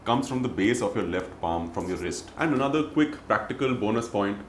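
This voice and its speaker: A man giving a spoken music lesson, explaining and chanting rhythm syllables and counts in a steady recitation. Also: lowish voice, fairly quick. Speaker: music teacher. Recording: roomy echo, faint noise.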